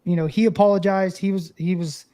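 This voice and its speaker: A man's voice: sits high, fairly quick. A man in his thirties, a former catcher guest, telling stories in a casual interview and acting out the voices of the people in them. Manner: animated storyteller, acts out quoted voices.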